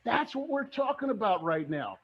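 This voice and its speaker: A middle-aged man giving an energetic motivational talk on real estate investing, asking his audience rhetorical questions. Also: high voice, normal speed, muffled recording, slight background noise. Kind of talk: motivational online presentation.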